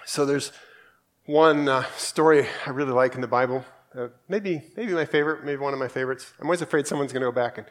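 A fast-talking Australian preacher with a mid-range voice delivers a casual, conversational sermon. He reads scripture aloud and acts out the voices of the people he quotes.

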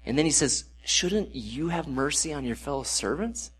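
A man's voice: on the high side, lively intonation, normal speed, fairly bright tone, a little hiss or hum. A man giving a casual sermon, reading a Bible passage and then adding conversational asides. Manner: conversational, reads scripture then adds off-hand asides. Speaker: preacher.

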